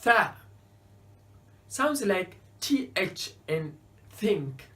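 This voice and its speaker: A woman's voice: on the low side, lively intonation, takes it slowly. A woman teaching a beginners' alphabet lesson, carefully sounding out each letter and example word. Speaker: Arabic teacher.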